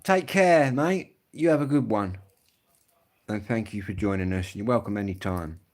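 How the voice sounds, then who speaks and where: A man's voice: fairly low pitch, moderate pace. Rambling man. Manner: rambling, swearing, blokey storytelling. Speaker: live-stream host. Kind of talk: casual live-stream chat answering viewers.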